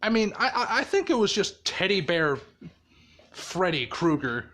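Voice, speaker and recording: A man spins a loose fan story in a casual, rambling way. His voice sits a bit higher than most men's, and he swears freely and keeps breaking into laughter. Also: very animated, measured pace, bright, forceful tone, slight background noise. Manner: rambling, profane, laughs often.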